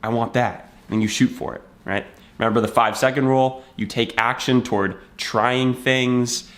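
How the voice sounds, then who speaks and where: A man's voice: medium pitch, fairly even intonation, moderate pace, fairly bright tone. A man giving a casual motivational talk to camera, telling a story and acting out bits of dialogue in a conversational way. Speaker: self-help video creator.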